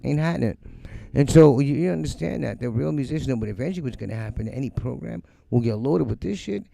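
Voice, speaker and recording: A middle-aged man runs a music livestream from his home studio and launches into a blunt, swear-filled rant, mimicking others' voices to mock them. His mid-range voice is gravelly and quick, and the recording is dry.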